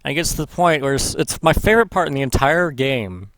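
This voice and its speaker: A man's voice: on the high side, animated, fairly quick, fairly bright tone, slight background noise. A man vlogging in casual commentary, rambling and swearing, correcting himself as he goes. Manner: rambling, profane, self-correcting. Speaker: gaming vlogger.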